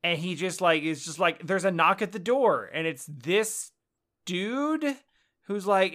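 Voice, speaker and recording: A man co-hosting a casual podcast, talking in halting starts with wry, joking retellings. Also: high-pitched, lively intonation, a bit bright. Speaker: podcast co-host. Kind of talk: casual chat.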